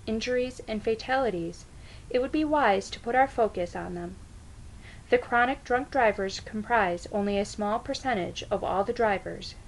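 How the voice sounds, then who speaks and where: A woman delivering a prepared persuasive speech as a student speaker, reading out facts in a measured, even way. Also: medium pitch, slight background noise, rough recording. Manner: measured, reads out statistics evenly.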